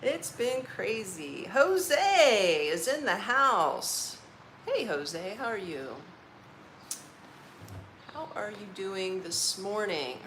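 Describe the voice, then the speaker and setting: A woman's voice: medium pitch, very animated, very slow, long pauses, a bit bright, slight background noise, poor audio. A woman from Orlando, Florida, chatting casually on a live stream from her apartment, tired and eating as she talks, laughing often and using folksy slang. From Orlando, Florida, United States. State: tired, eating while talking. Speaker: vlogger hosting a live stream.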